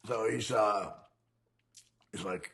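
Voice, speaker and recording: A man's voice: lowish voice, slow pace, vocal fry, a bit bright. A man, telling a rambling, profane crime story in casual conversation and laughing as he goes. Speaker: ex-convict telling his story.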